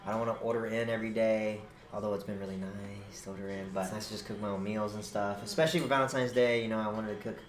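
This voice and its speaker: A young man streamer telling a story in casual chat, animated and swearing a lot. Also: lowish voice, quick pace. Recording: roomy echo, faint noise.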